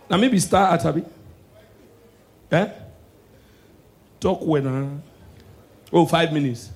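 A man with a Nigerian Pidgin English accent performing a stand-up comedy set, loud and animated, shouting his punchlines. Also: fairly high pitch, takes it slowly, long pauses.

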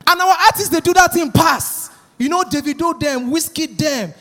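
A man with a Nigerian accent doing a lively stand-up routine, acting out the voices of the people he mocks. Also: very high voice, normal speed, soft background music. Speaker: stand-up comedian. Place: live stage.

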